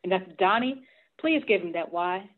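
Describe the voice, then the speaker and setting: A woman's voice: medium pitch, expressive, normal speed. Woman guest over a tinny phone line. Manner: spells things out carefully. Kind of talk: casual chat.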